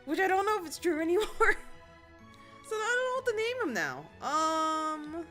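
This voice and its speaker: A woman streaming a video game, chatting casually with her viewers and breaking into sudden excited squeals. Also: extremely high pitch, unhurried, soft background music. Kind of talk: casual gameplay commentary.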